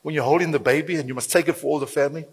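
A man preaching in a church, giving announcements and a sermon in a lively, humorous way with playful asides. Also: fairly high pitch, racing, husky. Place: church hall. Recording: reverberant church hall.

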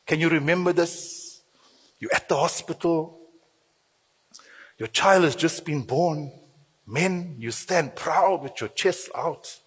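A man preaching in a church, giving announcements and a sermon in a lively, humorous way with playful asides. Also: on the high side, slightly rough. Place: church hall. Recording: reverberant church hall.

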